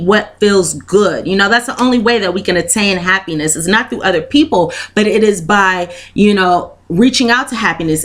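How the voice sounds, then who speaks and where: A woman giving a spoken tarot reading, earnest and encouraging, who repeats her phrases and leans on "you know" fillers. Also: mid-range voice. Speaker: tarot reader.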